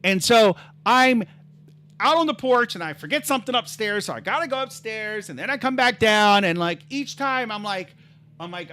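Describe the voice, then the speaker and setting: Livestreamer, casual storytelling, profane, rambling, bright voice, very animated pitch. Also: moderate pace.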